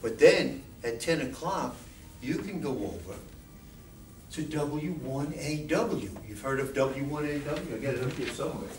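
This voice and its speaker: High-voiced man talking in an echoey room. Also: expressive, unhurried, faint music behind. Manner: chatty, asks the audience questions. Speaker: guest speaker at a radio club. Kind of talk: informal talk to a club meeting. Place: club meeting room. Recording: echoey room, distant mic, faint noise.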